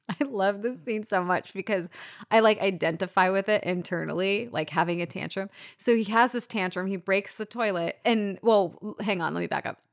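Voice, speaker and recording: A woman co-hosts a casual podcast about a film. She talks in an animated, loose way, swears freely and retells scenes with feeling. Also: mid-range voice. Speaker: podcast co-host.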